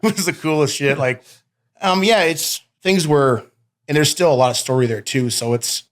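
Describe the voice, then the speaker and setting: A man's voice: a little high, moderate pace. Rowdy, laughing man being interviewed. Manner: rowdy, laughs often, swears, calls the host "babe". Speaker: professional wrestler guest. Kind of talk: casual sit-down interview. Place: interview studio.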